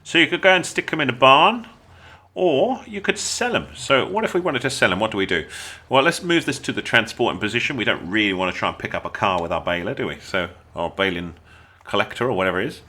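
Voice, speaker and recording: A man's voice: mid-range voice, sing-song, brisk, bright, forceful tone. An English man with a chatty, jokey manner, talking viewers through a video game as a tutorial host. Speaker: gaming channel host. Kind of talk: gameplay tutorial commentary.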